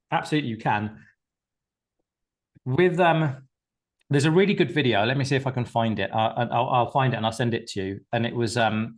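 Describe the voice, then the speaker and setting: A man coaching a group on a live call. He talks emphatically, repeats himself, and swears casually as he pushes his clients. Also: medium pitch.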